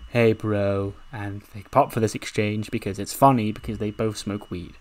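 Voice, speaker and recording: A man narrating a wrestling management game in a casual, excited way, swearing and laughing as he goes. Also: fairly low pitch, fairly quick. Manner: excited, swearing, laughing at his own story. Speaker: video game commentator.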